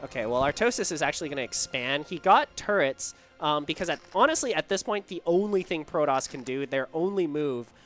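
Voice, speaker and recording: A man calls a live esports match with a fairly high voice, excitable and quick to joke. He laughs often between calls, over a faint music bed. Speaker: esports caster.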